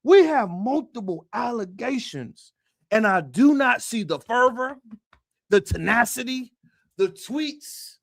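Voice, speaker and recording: A man hosting a commentary livestream, talking emphatically to his viewers with rhetorical questions and punchy repeated phrases, sometimes shouting. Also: very high-pitched, lively intonation, slow, vocal fry, no room sound, clean studio sound. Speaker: livestream host.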